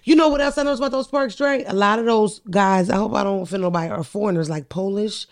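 Gravelly, blunt woman. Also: mid-range voice, fast. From Philadelphia. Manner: profane, blunt storyteller. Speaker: podcast co-host. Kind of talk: casual podcast chat.

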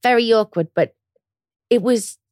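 A woman co-hosting a podcast, chatting casually, chiming in with quick asides and blunt swearing. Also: a little high, a little mellow, no echo, clean studio sound. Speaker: podcast co-host. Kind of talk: casual chat.

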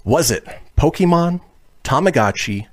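A man hosts a casual trivia chat, reading out each question with its answer options. His pitch rises and falls a lot, giving the reading a bouncy, animated feel. He laughs easily between questions. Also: a little slow. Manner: reads multiple-choice questions, laughs often. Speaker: quiz host.

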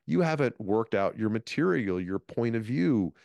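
A man in his fifties, a comedian guest, telling stories from his career in a lively interview. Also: on the low side, normal speed, creaky, dry recording. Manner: animated storyteller, restarts phrases. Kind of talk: storytelling interview talk.

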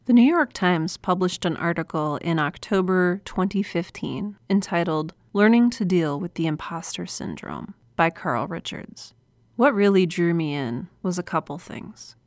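A woman's voice: on the low side, dry recording. Earnest woman hosting a podcast. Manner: earnest, confessional and encouraging. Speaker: podcast host. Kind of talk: solo podcast monologue. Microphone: close studio mic.

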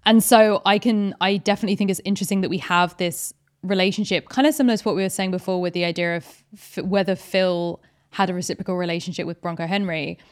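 A woman with a fairly low voice for her sex, co-hosting a casual podcast. She breaks down a film's themes thoughtfully, building her points step by step with plenty of "like" as she thinks aloud. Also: fairly even intonation, fast, hardly any pauses. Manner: thoughtful, analytical, frequent "like". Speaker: podcast co-host. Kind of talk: casual film discussion.

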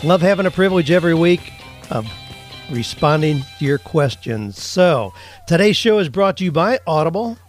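A man's voice: fairly high pitch, animated, normal speed, faint music behind. A man hosting a solo podcast, chatting through listener questions. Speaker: podcast host.

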